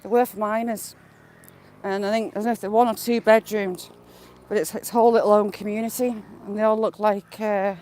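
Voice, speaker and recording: A woman with a Yorkshire-Geordie Northern English accent walks outdoors through a village, live-streaming on a handheld phone while she chats, greets viewers by name and points things out. Her medium-pitched voice has a darkish tone and a brisk, flat delivery. Crows are calling amid faint outdoor noise.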